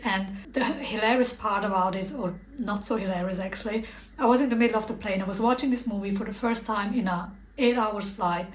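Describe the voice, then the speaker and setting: A woman's voice: mid-range voice, roomy sound, a little hiss or hum, rough recording. A young adult woman speaking earnestly and reflectively to her viewers, searching for words with frequent fillers and restarts. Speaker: spiritual content creator. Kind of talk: reflective personal talk to camera.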